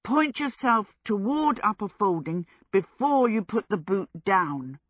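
Woman reading as a young apprentice lad, brisk warnings, storybook reading, dry close sound. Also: medium pitch, sing-song, dry recording. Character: young male wizard's apprentice, practical.

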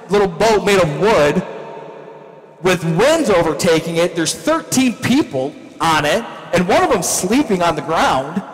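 A male pastor preaching a sermon in a church, with animated storytelling that acts out scenes. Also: high voice, long reverb tail, low-quality recording.

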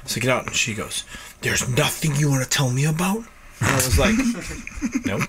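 A man's voice: mid-range voice, sing-song, moderate pace, a loud crowd. A man in his late thirties, from upstate New York, co-hosting a podcast and telling a profane story with lots of laughter. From North Tonawanda, New York. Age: late 30s. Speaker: podcast co-host. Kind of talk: casual storytelling chat.

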